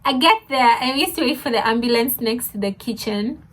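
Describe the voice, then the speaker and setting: A young woman telling a funny story, animated, laughing often and mixing in Swahili words. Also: on the high side, brisk. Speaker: vlogger. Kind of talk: casual storytime.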